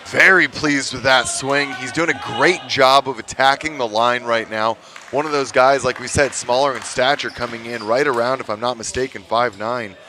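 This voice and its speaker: A man's voice: medium pitch, steady tone, moderate pace. A man giving chatty, informative color commentary at a live volleyball match. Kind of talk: live sports analysis. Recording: commentary over loud gym noise.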